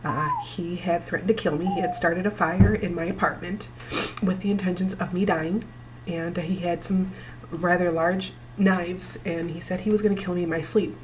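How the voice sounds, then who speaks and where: Low-voiced woman speaking emotionally. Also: background noise. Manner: emotional, halting, breaks down at times. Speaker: vlogger. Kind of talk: personal talk to camera.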